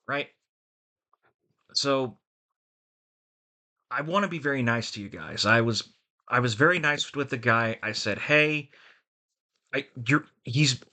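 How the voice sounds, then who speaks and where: A man's voice: medium pitch, sharp tone. A man talking frankly in a rambling vlog about his voice acting work. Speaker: voice actor and vlogger.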